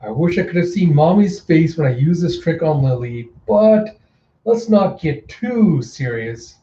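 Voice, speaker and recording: A manic male clown killer taunts his foes in a raised, giddy voice, as a man puts him on while reading a manga aloud. The tone is mellow and a touch high. The sound is dull and lo-fi, in an echoey room. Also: expressive, a little slow. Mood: taunting.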